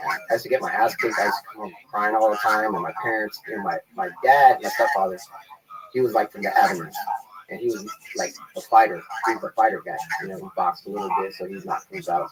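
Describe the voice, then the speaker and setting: A man's voice: fairly low pitch, rough recording. A man telling stories from his childhood in a casual interview, rambling and loose, filling his talk with "man" and "you know.". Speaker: interview guest. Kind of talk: casual storytelling.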